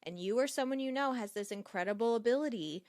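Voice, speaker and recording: A woman's voice: a little high, fast, a little mellow, no echo, clean studio sound. A woman co-hosting a podcast, chatting casually and reading out a news story. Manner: chatty, reads out news stories. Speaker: podcast co-host. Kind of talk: casual chat.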